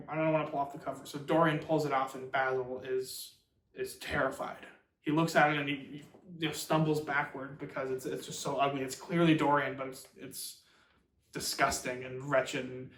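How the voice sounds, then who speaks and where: A man hosts a book channel and gives a chatty, rambling summary of a novel, full of fillers and quick restarts. His voice has a middling pitch. The sound is echoey, as if he sits some way from the mic in a bare room. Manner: rambling, filler-heavy, animated retelling. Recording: roomy echo, far from mic.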